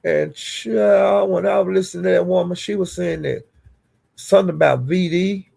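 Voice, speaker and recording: A woman's voice: on the low side, moderate pace, creaky, dark tone, husky. A woman vlogger giving casual gossip commentary to her viewers, blunt, profane and indignant.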